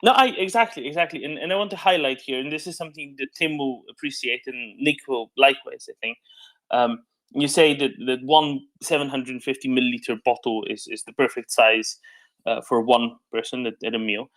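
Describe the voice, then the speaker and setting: A man's voice: mid-range voice, fairly quick, a bit bright, rough recording. A man in casual panel banter, dry and wry, with a mock-formal turn of phrase.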